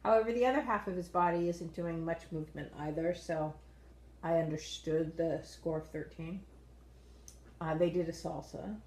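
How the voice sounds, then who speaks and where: A woman co-hosting a casual dance-show review, measured and agreeable, steering the talk. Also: deep voice, steady tone, darkish tone, roomy sound, poor audio.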